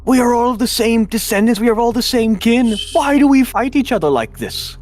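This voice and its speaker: A man's voice: very high-pitched, animated, moderate pace, a little mellow, soft background music, pitched above the performer's own voice. Man doing a grandiose speechifying soldier leader. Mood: rousing. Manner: grandiose, rallying, bluffing. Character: smooth-talking male soldier leader making speeches.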